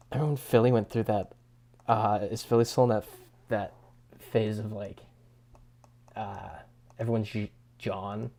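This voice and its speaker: A man's voice: on the low side, fairly even intonation, unhurried, long pauses, dark tone. A young man streaming live and chatting casually with viewers, laid-back, often chuckling and restarting his sentences. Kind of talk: casual livestream chat reading viewer comments.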